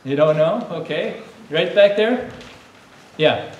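A man leading a lively lesson for a room of children, coaxing them to call out answers like a coach. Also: fairly high pitch, takes it slowly, highs cut off. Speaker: children's teacher. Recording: echoey room, distant mic, faint hum.

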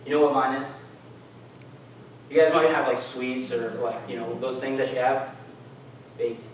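A man's voice: mid-range voice, level tone, moderate pace, a little hiss or hum. Man preaching in an echoey hall. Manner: casual, conversational preaching with audience questions. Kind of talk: sermon. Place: church hall. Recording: echoey church hall, mic from far off.

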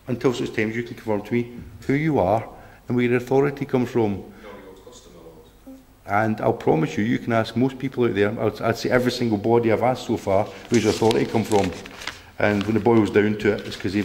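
A man's voice: medium pitch, vocal fry, darkish tone, slight background noise. A man giving a combative public talk to a local group, blunt and swearing, often asking "right?". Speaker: campaign speaker. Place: meeting room.

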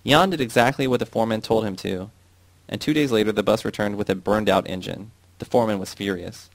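Low gravelly guy reading a novel aloud, steady pace. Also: fast, dry recording. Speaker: audiobook reader.

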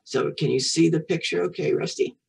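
A woman's voice: sits low, steady tone, fairly quick, gravelly, darkish tone, recorded from a distance, poor audio. A woman reading a picture book aloud to a young child, patiently repeating French words and encouraging the child to say them back. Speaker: children's storyteller and French teacher.

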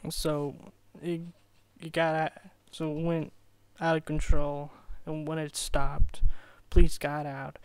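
A man giving casual rambling commentary, stammering, apologetic and low-energy on an old cheap microphone. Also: monotone, slow pace, few pauses, smooth, no echo, rough recording. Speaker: amateur commentator.

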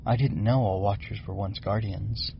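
Man doing soft-spoken cautious young male bug, storybook read, low gravelly voice, lo-fi recording. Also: steady tone, moderate pace, slight background noise. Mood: earnest. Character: young male growbug, gentle, hesitant, cautious.

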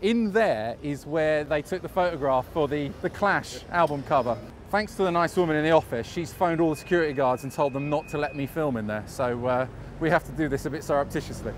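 A man's voice: on the high side, fairly quick, few pauses, slight background noise. A man hosting a casual walking tour on city streets, chatting and joking as he goes. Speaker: tour guide host. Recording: music playing behind.

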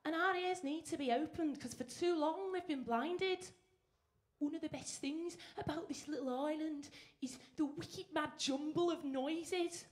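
A woman performing spoken-word poetry live on stage, with a rhythmic, rhyming delivery and playful asides. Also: high voice. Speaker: performance poet. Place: live stage before an audience.

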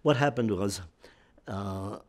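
A man's voice: on the low side, slow. A man in his nineties, a war veteran, telling a long story in an interview with many restarts and repeated words. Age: 90s.

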